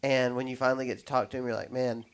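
A man's voice: mid-range voice, very fast, clear, resonant tone. Rambling man hosting a podcast. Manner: rambling, animated storytelling with many restarts and quoted dialogue. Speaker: podcast host. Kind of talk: casual podcast chat.

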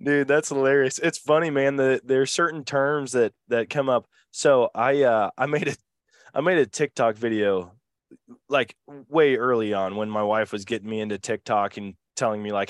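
A man's voice: lowish voice, steady tone, normal speed, no room sound. A man hosting a podcast, chatting casually with slangy, laid-back banter. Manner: laid-back, slangy, says "dude" a lot. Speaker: podcast host. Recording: dry close sound.

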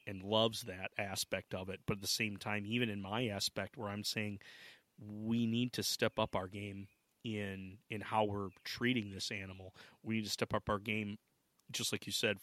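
A man's voice: lowish voice, a bit bright, no room sound. A man hosting a podcast, talking earnestly in long rambling sentences that often restart. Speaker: podcast host. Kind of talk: casual interview talk.

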